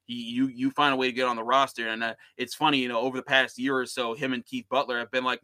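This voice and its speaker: A man's voice: mid-range voice, steady tone, fast, hardly any pauses, bright, forceful tone, no echo. A man hosting a casual sports podcast, talking through football roster picks in a conversational way, with frequent restarts. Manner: conversational, many restarts and fillers. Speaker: podcast host and NFL analyst.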